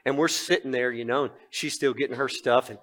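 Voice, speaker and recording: A man's voice: medium pitch, fairly even intonation, fairly quick, fairly bright tone. A man in his sixties preaching a sermon, telling a personal story with animation and then reading scripture earnestly. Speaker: pastor.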